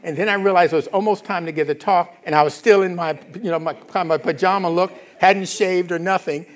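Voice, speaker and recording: A high-voiced middle-aged minister talks fairly quickly from a church sanctuary, his sermon conversational, casual, and animated, with frequent questions to the congregation about whether they follow.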